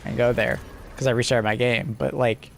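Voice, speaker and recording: A man's voice: medium pitch, little pitch movement, normal speed, gravelly, slight background noise. A Canadian man chatting casually while gaming on a live stream, rambling with lots of filler words. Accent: Canadian English. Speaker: gaming livestreamer.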